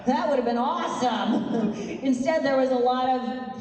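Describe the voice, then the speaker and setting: A woman's voice: high-pitched, brisk, a little mellow, a little hiss or hum. A middle-aged woman, a guest on a convention panel, speaking frankly and earnestly to fans, swearing casually. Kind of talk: live fan Q&A. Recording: echoey convention hall from far off.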